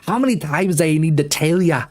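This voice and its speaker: A man doing a brash, cheeky young girl from a video game, with a put-on Scottish lilt that wavers. She is sassy and a touch higher than his own voice. Faint music plays behind. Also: animated, brisk, a little mellow, close to an everyday voice. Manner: attempted Scottish accent that keeps slipping.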